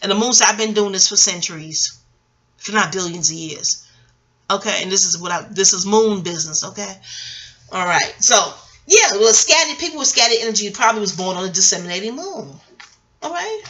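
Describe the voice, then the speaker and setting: A woman's voice: medium pitch, expressive, brisk, sharp tone. A middle-aged American woman vlogging in a scattered, rambling way, jumping between tangents and swearing freely. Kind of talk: casual rambling commentary.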